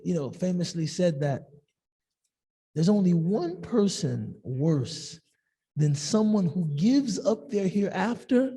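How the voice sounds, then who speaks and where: A man teaching a discussion class in a lively, joking way, often acting out the people he quotes. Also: high voice, breathy edge. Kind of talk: discussion-based class talk. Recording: long hall reverb.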